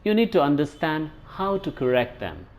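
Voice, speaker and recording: A man with an Indian English accent teaching a pronunciation lesson, explaining points and demonstrating sounds slowly. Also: fairly high pitch, very animated. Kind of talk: scripted lesson narration.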